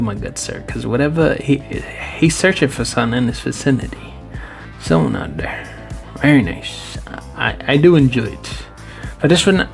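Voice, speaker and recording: A man's voice: mid-range voice, vocal fry. A man hosting a card collecting video, giving casual, playful review commentary and addressing viewers as boys.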